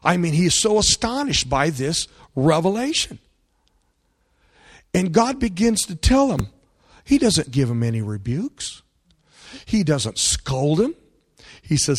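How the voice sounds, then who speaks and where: A man preaching a sermon, his voice sitting a little high and moving with lively swings of pitch. He builds to loud, emphatic peaks and keeps asking his congregation questions. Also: unhurried, pauses often. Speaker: pastor.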